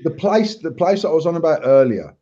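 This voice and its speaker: Blunt, foul-mouthed man, mellow tone. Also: a little high, big pitch swings, a little fast. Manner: crude, swears a lot, blunt and boastful. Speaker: host of a live show. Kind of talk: casual storytelling chat. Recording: dull lo-fi live stream audio.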